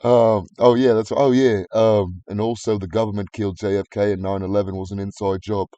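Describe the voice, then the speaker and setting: Deep, mellow man in crude banter. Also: fairly even intonation, fairly quick, no room sound, muffled recording. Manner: crude, joking, puts on silly voices. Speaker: podcast co-host. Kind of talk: casual profane banter.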